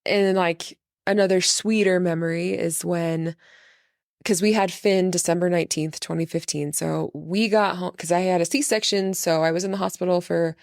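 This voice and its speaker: A woman in her thirties hosting a podcast, telling a story in a relaxed, animated way and laughing often. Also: on the low side, normal speed, gravelly, no echo, clean studio sound. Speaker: podcast host. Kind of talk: casual storytelling chat.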